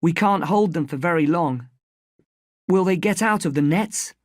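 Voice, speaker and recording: Brief: storybook narrator for language learners, very slow, clear, dry close sound. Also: mid-range voice, dry recording. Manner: slow, clear, simple delivery.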